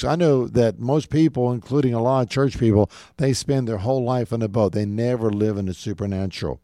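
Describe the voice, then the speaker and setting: Earnest man preaching in a low, mellow voice. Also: dry recording, studio quality. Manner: earnest, direct preaching that keeps addressing listeners as "folks". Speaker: radio show host and preacher. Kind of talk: radio sermon teaching.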